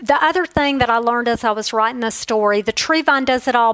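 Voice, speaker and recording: A woman's voice: on the high side, fairly quick, hardly any pauses, fairly bright tone, no echo, low-quality recording. A woman giving an earnest, emotional devotional Bible teaching, telling stories from her own life.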